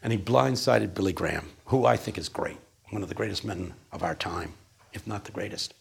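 A man's voice: low-pitched, brisk, vocal fry, husky. A man lecturing a class, telling stories and acting out quotes with energy. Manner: animated, storytelling with acted-out quotes.

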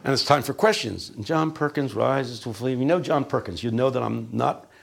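A man's voice: mid-range voice, brisk, creaky. A man lecturing a class, telling stories and acting out quotes with energy. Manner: animated, storytelling with acted-out quotes.

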